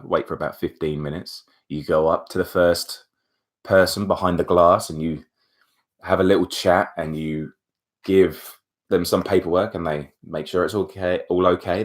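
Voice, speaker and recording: A young man, chatting to camera as a vlogger, retelling events in a chatty, animated way full of asides. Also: deep voice. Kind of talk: casual storytelling to camera.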